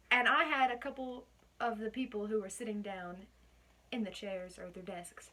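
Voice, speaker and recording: A woman's voice: fairly high pitch, moderate pace, pushed and bright. A young adult woman casually telling a story as a guest, chatty and often laughing.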